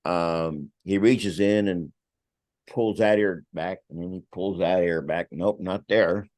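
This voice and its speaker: An older man with a very low voice tells a lively anecdote as a podcast guest and acts out the other people in it. He swears freely. The sound is close and dry. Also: slow pace, no room sound. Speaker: guest, vineyard owner. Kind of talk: casual anecdote telling.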